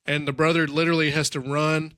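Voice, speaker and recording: A man's voice: on the high side, level tone, fast, a bit bright, smooth, no echo, clean studio sound. Casual man retelling a movie plot. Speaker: podcast co-host. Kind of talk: casual chat.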